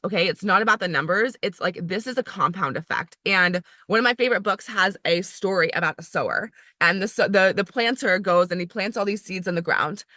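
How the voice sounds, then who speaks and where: An area manager gives her team a chatty, emphatic pep talk packed with "like," voicing imagined inner thoughts in a higher pitch. Her voice is pushed and bright, recorded at studio quality with no echo.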